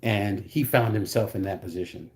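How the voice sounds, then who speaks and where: A man's voice: fairly low pitch, normal speed. A man reviewing a film, retelling the plot in a casual, blunt way with frank asides.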